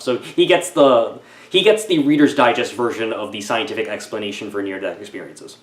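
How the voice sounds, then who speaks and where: A man's voice: on the low side, expressive. Wry, rambling male film reviewer. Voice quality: wry, digressive, halting. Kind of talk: casual spoken film review. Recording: roomy echoey room.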